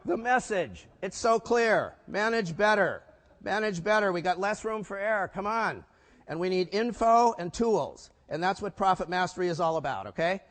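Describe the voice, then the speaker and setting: A man's voice: high-pitched, animated, normal speed, a bit bright. Punchy older man speaking in a hall. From United States. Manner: punchy, asks the audience rhetorical questions. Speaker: keynote speaker. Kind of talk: business conference talk. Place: large conference hall. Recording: echoey hall.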